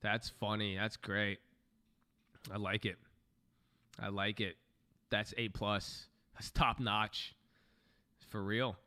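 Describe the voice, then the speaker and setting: A man's voice: on the low side, little pitch movement, takes it slowly, long pauses, pushed and bright, smooth. A man giving loose, joking commentary while streaming live trades, often swearing and thinking aloud. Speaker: live stock-trading streamer.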